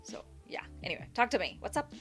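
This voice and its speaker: A woman's voice: fast, fairly bright tone, soft background music. A woman live-streaming, giving advice in a chatty, rambling, self-mocking way and reading her chat aloud.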